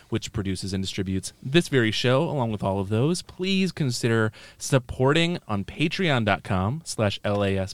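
A man's voice: on the low side, fairly bright tone, clean tone, dry recording. A man hosting a podcast, reading plugs and steering the chat back to topic. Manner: easygoing, reads plugs then steers the talk back. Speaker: podcast host. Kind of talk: casual chat and show announcements.

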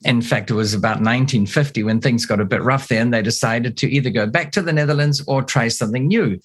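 Husky-voiced New Zealand man telling stories. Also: mid-range voice, fast. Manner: wry, anecdotal. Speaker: guest, real estate investor. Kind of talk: relaxed storytelling interview answers.

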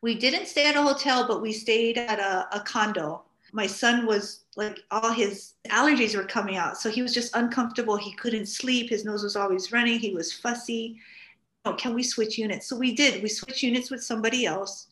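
A middle-aged woman from Hawaii, a guest on a talk show, tells stories casually at a moderate pace in a fairly high voice. She's animated and acts out what people said. The studio has a roomy echo.

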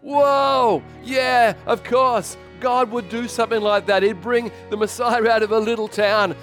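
A man playing an excitable young male disciple who exclaims in disbelief, in a sermon retelling. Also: a little slow, soft background music, full character voice. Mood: delighted. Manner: exclaiming, high and wide-eyed.

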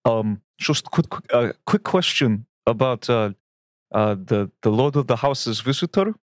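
A polite, slightly fumbling gentleman who asks careful questions, as a player voices him. The voice sits mid-range, polite and hesitant. The sound is dry and close. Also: mid-range voice, expressive, measured pace, dry recording, close to an everyday voice. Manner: polite and hesitant, many fillers. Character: courteous young gentleman, polite and uneasy.

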